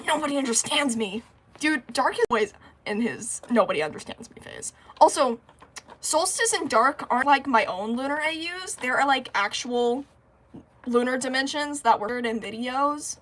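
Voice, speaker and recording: A woman's voice: fairly high pitch, fairly bright tone. A woman chatting casually on a livestream, rambling and giggling, talkative and a bit nervous.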